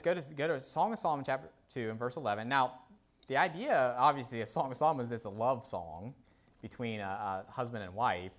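A man delivering a sermon in an easy, talkative manner, full of playful asides and casual turns of phrase. His voice sits at an ordinary, mid-range pitch for a man. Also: a bit bright. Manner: conversational, folksy preaching with playful asides. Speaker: pastor.

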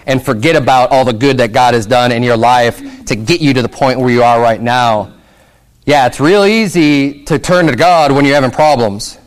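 A man's voice: medium pitch, lively intonation, moderate pace. A man preaching a sermon as pastor, reading scripture aloud and explaining it in casual asides, pushing up to emphatic peaks with rhetorical questions.

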